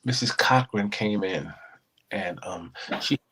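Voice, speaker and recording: A man telling a personal story as a guest, in an animated way that acts out the voices of the people in it. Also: on the low side, slow, husky, poor audio.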